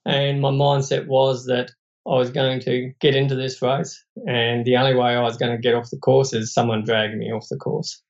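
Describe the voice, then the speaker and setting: A man's voice: mid-range voice, flat delivery, normal speed, dull audio. An Australian man, a podcast guest, telling a personal story in an earnest, reflective, plain-spoken way.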